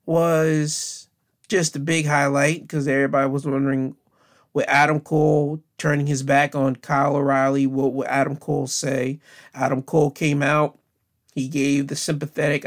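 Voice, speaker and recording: A man giving a casual spoken recap of wrestling news, chatty and loose, with frequent fillers and restarts. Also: mid-range voice.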